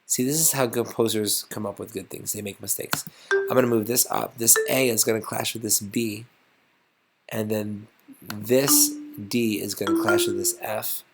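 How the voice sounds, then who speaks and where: A man's voice: fairly low pitch, steady tone, moderate pace. A man teaching a casual music lesson, thinking aloud and getting enthusiastic as he composes.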